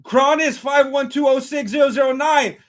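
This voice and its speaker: High-pitched, bright, ranting man. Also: normal speed. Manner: animated, ranting, often shouting; thanks followers by name between rants. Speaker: live fight companion streamer. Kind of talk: live reaction commentary.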